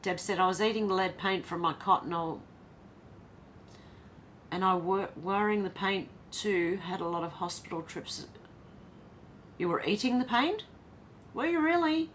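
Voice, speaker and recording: Her voice is lowish with a fairly bright tone. She's an Australian livestream host in a casual stream, going through viewer comments out loud and answering them, while slight noise sits in the background.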